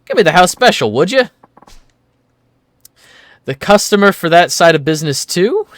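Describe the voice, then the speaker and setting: A man voicing a brash, rough-talking male street fighter from a game. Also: high voice, sing-song, moderate pace, fairly bright tone, no room sound, clean studio sound. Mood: cocky.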